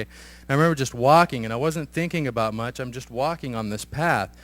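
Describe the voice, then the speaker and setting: A middle-aged man sharing a personal testimony in a church, halting, with many fillers and restarts. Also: mid-range voice. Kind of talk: hesitant spoken testimony.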